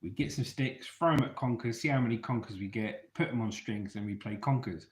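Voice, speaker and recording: A man's voice: medium pitch, a little fast. A man from England, telling stories from his youth to an online audience in a chatty way, often checking in with his listeners. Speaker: storyteller vlogger. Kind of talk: casual storytelling to an online audience. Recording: roomy echo.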